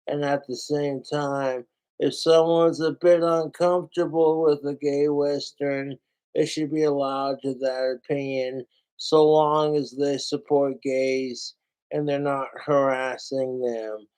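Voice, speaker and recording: Heated, profane man ranting slowly. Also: mid-range voice, little pitch movement, a little mellow, clear, resonant tone. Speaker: podcast host. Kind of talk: casual ranting commentary.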